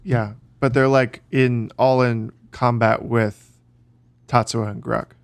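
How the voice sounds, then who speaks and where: Gravelly-voiced man running a tabletop game. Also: medium pitch. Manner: relaxed, laughs often, halting with fillers. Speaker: game master.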